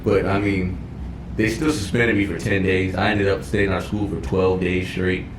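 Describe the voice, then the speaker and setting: A young man on a podcast, telling a high school story in a casual, profane way and acting out the voices of people in it. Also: normal speed, noisy background. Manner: animated, profane, acts out voices in his stories. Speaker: podcast co-host.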